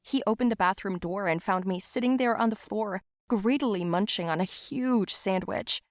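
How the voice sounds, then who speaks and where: Woman narrator, expressive, animated storytelling, medium pitch, dry close sound. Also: moderate pace, no room sound. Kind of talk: scripted first-person story narration.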